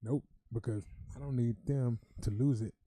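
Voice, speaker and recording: A man co-hosting a podcast in a studio, talking in emotional bursts that get loud when he tells stories. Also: mid-range voice, fairly even intonation, normal speed, dry recording. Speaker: podcast co-host. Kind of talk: casual podcast chat. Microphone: studio mic.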